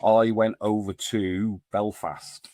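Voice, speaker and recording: Deep-voiced man, rambling storyteller. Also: flat delivery, takes it slowly, mellow, dry recording, studio quality. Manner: rambling, many fillers and restarts. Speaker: podcast guest, men's support group founder. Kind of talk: casual storytelling conversation.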